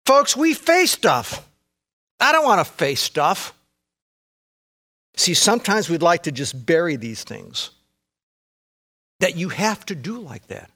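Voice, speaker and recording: High, bright-voiced male preacher. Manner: emphatic, conversational preaching with frequent asides to the congregation. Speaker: pastor. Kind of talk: sermon.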